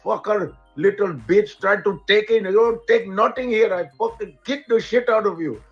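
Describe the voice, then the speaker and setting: A man's voice: high voice, highs cut off, faint music behind, voice pushed up. Man doing a cursing shopkeeper, Indian accent. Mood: furious. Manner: loud, threatening, rapid cursing. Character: angry male shopkeeper guarding his store.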